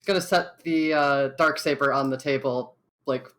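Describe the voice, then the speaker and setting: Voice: medium pitch, fairly even intonation, moderate pace, a bit bright. A player at a tabletop game describing their character's actions and asking questions. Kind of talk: in-character tabletop role-play.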